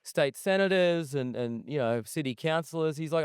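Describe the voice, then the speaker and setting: A man's voice: a little high, animated, normal speed, clean tone, dry recording, clean studio sound. A man, a guest chef, telling a long, profane story in a casual interview, recorded at an outdoor desert festival camp.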